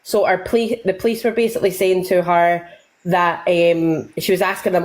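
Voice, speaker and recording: A woman's voice: fairly low pitch, fairly even intonation, darkish tone, poor audio. A woman recapping online drama in a rambling, casual way, swearing freely and acting out what others said. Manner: acts out other people's lines in quick bursts. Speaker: livestream guest recapping drama.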